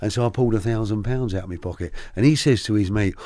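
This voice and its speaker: Low-voiced man telling stories. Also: no echo. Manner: animated, halting with many restarts. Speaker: podcast guest. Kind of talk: candid storytelling.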